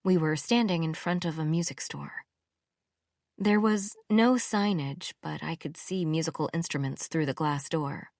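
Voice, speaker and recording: A woman reads a first-person romance audiobook in a low, unhurried voice. Her telling is measured and intimate. It is recorded close on the mic, dry and free of room sound. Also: darkish tone, dry recording. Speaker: audiobook narrator.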